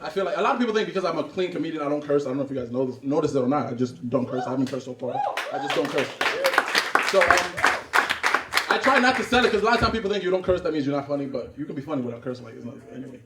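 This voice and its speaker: Male comedian from Cameroon, high lively voice, roomy club, crowd laughter. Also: rapid-fire. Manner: animated, acts out scenes and voices. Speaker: stand-up comedian. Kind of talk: stand-up comedy. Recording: roomy club, far from mic, audience laughing.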